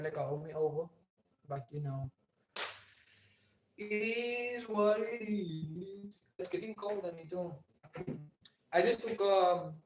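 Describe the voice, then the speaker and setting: A man's voice: a little high, a little mellow, roomy sound, slight background noise. Young man rambling on a livestream. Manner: loose, rambling slang talk with many fillers. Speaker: livestream host. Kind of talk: casual livestream chat. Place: home, alone. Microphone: phone.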